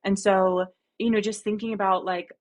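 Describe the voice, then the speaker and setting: A young woman from New Jersey, a guest running coach, talking in a casual podcast conversation in an earnest, animated way and laughing often. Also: mid-range voice, normal speed.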